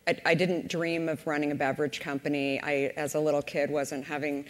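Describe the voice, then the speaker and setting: A woman with a low voice recounts how her company began, animating the conversations she quotes. The sound carries a long reverberant tail from a conference hall. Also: a little fast. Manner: lively retelling, acting out quoted voices. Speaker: company founder on a panel. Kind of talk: storytelling at a panel discussion. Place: conference stage.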